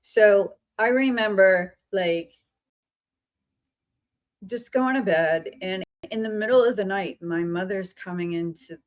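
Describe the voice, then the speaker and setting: A woman podcast host from central Pennsylvania, telling a story in a chatty, meandering, animated way over a remote call. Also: mid-range voice, slow pace, rough recording. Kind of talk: casual storytelling chat.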